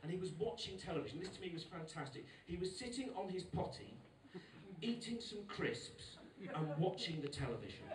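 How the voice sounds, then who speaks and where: A man in his forties doing an animated stand-up set, exasperated storytelling with loud outbursts. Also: high-pitched, fairly quick. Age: 40s. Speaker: stand-up comedian. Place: live venue with audience. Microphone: recorded from far off by a phone camera. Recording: echoey, distant phone recording with noise.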